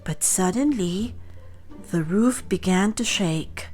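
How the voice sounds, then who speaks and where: Woman storyteller, very slow, expressive children's read-aloud, soft music under. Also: medium pitch.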